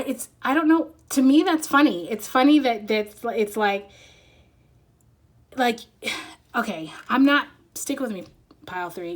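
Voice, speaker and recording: This is a woman talking through a pick-a-card tarot reading in a relaxed, unscripted way. She speaks bluntly, swears freely and drops in filler words and laughter. Her voice sits at an ordinary middle pitch. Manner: candid and swearing, with frequent fillers and bursts of laughter.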